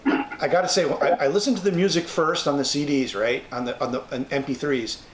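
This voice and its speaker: A man's voice: fairly high pitch, brisk, roomy sound, a little hiss or hum. A man from Canada hosting an interview, effusive and gushing with praise. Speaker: interview host. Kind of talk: casual interview.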